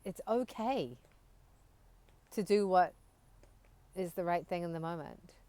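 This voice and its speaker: Lady on a podcast, kinda low smooth voice, dry close mic, musing out loud. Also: slow pace, no room sound. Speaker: podcast co-host. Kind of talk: casual conversational chat.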